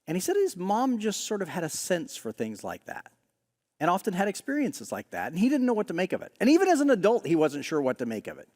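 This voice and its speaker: A middle-aged male pastor preaching a sermon in a relaxed, conversational storytelling way, often pausing on "uh". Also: sits high, big-room sound. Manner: conversational storyteller with frequent "uh" pauses. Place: large church hall.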